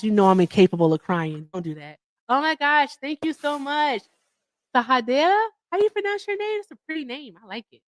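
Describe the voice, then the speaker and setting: A woman's voice: high-pitched, fairly bright tone, no room sound. A woman hosting a livestream in casual chat, chatty and effusive as she thanks her viewers. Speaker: livestream host.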